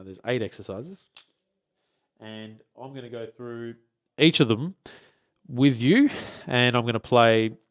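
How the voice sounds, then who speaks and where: A man giving a relaxed drum lesson beside his kit, with lots of fillers and restarts, often checking in with "okay?". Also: medium pitch, dry recording, clean studio sound. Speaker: drum teacher. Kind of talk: casual spoken lesson.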